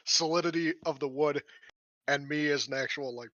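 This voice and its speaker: A man at a tabletop game, playful and emotional in character, with a bright, forward tone pitched a little high. The sound is dry and close. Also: measured pace, pauses often, no echo, rough recording. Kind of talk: casual in-character play.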